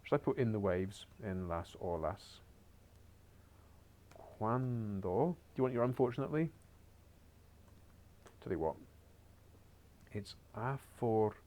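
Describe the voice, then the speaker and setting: A man's voice: fairly low pitch, animated, measured pace, long pauses, mellow. Wry, encouraging male teacher. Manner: chatty, encouraging, wry asides. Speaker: Spanish teacher. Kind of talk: recorded screen-share lesson.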